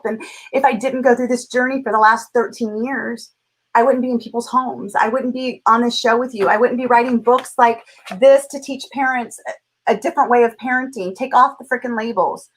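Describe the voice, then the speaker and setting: A woman's voice: a little high, fairly even intonation, moderate pace, husky, poor audio. A middle-aged woman from California, a parenting coach who talks as an interview guest in a passionate, emphatic way. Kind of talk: heartfelt conversational interview.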